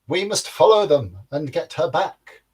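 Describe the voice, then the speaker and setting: Man voicing a small storybook goat: high, squeaky, eager servant; slow, drawn-out delivery. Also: expressive, a little mellow, breathy edge, distant mic. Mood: urgent. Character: small male goat guarding a giant's castle.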